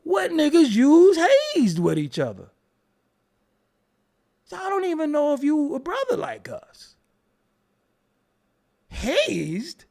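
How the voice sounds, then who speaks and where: Mocking New man with lively pitch. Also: measured pace, creaky, long pauses. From Brooklyn, New York. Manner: confrontational, profane, mocking, laughs between jabs. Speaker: livestreamer answering chat. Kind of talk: heated livestream rant.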